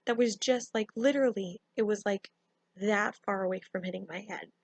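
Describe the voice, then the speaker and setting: A young woman telling a casual storytime, animated and full of fillers. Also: mid-range voice, brisk, dry recording. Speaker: vlogger.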